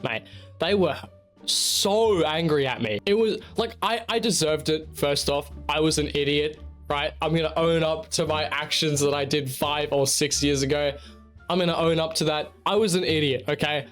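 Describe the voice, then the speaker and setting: A man's voice: on the high side, normal speed, fairly bright tone, soft background music. A young man, casually telling a story to the camera in a rambling, self-mocking way with plenty of swearing. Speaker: channel host.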